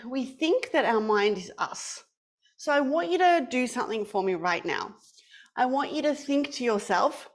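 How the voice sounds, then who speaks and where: A playful young woman with a bright, high voice, leading an online class for kids. She tells a story in a lively, sing-song way, the way a teacher talks to children on a webcam.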